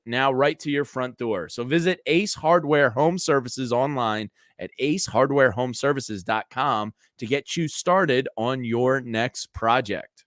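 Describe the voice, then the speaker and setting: A man co-hosting a sports podcast, reading ads in a chatty, energetic way and talking football casually. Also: mid-range voice, dry recording, clean studio sound. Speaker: podcast co-host. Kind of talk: casual sports chat with host-read ads.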